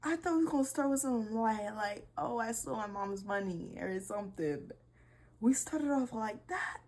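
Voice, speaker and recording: Husky young woman reacting animatedly. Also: on the high side, moderate pace. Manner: animated, swears, exclaims in disbelief. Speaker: video creator. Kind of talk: casual reaction vlog reading posts aloud.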